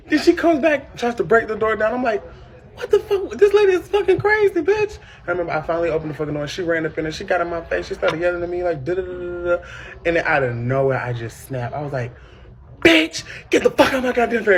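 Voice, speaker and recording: A man telling a dramatic story over dinner in a loud, animated way, acting out the people in it. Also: fairly high pitch. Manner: dramatic, loud, laughing, acts out other people. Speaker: podcast co-host. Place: restaurant during a meal.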